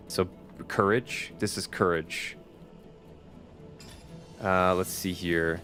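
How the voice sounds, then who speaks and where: Deep-voiced and a bit bright, this streamer talks slowly with fairly even intonation and frequent pauses. He chats casually with viewers during a video game, laughing often and swearing at times, over faint background music.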